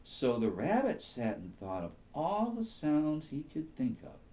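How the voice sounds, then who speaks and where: Man reading a slow bedtime story. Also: fairly high pitch. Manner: soothing, slow and very expressive.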